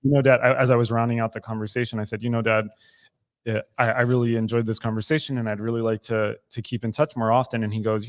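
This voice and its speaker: A man in his thirties co-hosts a casual recovery podcast from a recovery club room, talking fast in a medium-pitched, flat voice. He speaks candidly and emotionally, often restarting his sentences.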